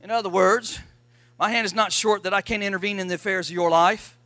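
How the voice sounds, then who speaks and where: A high-pitched man preaches with a forceful, bright voice, calling his congregation to answer back. His voice is close and dry, with no room echo. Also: fairly even intonation, a little fast. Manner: emphatic preaching with call-and-response to the congregation. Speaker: pastor. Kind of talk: sermon.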